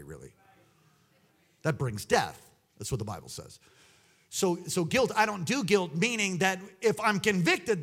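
A man preaching a sermon, swinging between loud exclamations and hushed asides. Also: a little high.

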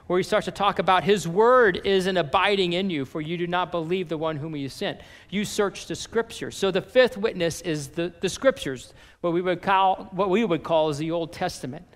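A man preaching a sermon as a pastor, reading and paraphrasing scripture with animated emphasis. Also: high voice, in a large hall.

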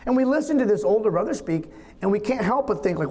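A man's voice: extremely high pitch, sing-song, fairly quick. A man preaching a sermon in an earnest, conversational, storytelling manner. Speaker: pastor. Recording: long reverb of a large hall.

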